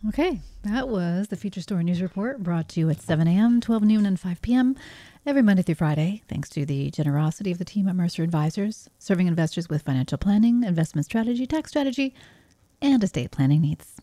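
A woman's voice: on the low side, animated, fast talker, dark tone, no echo. A woman with a light Texas accent hosting a community radio show, chatty and playful, reading the weather and sponsor credits. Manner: chatty, laughing, loose and playful.

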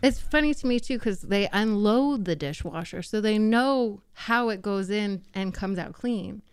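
Chatty radio host woman, smooth voice. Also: medium pitch, unhurried, dry recording, clean studio sound. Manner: chatty, playful, teasing. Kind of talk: casual radio chat. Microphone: studio microphone.

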